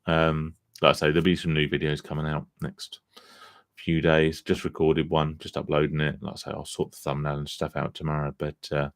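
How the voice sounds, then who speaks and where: A man's voice: very deep voice, completely flat delivery, a little fast, no echo, clean studio sound. A man hosting a casual live stream about gambling recovery, chatty and self-deprecating, tired after a long day, swearing casually as he reads viewer comments.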